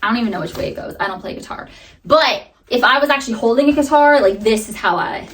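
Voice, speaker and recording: A woman's voice: fairly high pitch, fast, slight background noise. A young woman vlogger telling a story to camera in a bubbly, chatty way, full of fillers. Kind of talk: casual chat to camera.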